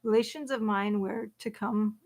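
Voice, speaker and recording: A woman co-hosting a live question-and-answer stream, chatting in a relaxed way and reading listener questions. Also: medium pitch, normal speed. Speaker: podcast co-host. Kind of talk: live Q and A chat.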